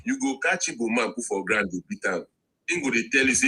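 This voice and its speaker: A man's voice: medium pitch, huge pitch swings, fairly quick, pushed and bright, husky, rough recording. A Nigerian man with a Nigerian accent in a heated, mocking debate, mixing English and Pidgin. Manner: emphatic, mocking, switches to Pidgin. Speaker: discussant.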